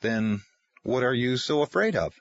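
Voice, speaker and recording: Calm, steady father , read by a male narrator, slightly husky, dry muffled audio. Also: mid-range voice, no echo, voice pushed up. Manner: calm and measured. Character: calm, steady father speaking to his children.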